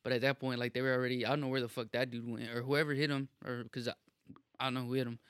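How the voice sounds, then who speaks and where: A man's voice: mid-range voice, racing, clean tone, no room sound, clean studio sound. A young man telling a wild story in casual podcast chat, swearing a lot and stacking fillers. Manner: profane, animated storytelling with lots of fillers.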